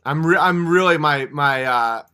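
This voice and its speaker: A man's voice: on the high side, a little slow, sharp tone, clean tone. A man from upstate New York hosting a livestream, ranting in a fired-up, profane and blunt way. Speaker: livestream host. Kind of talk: casual livestream rant.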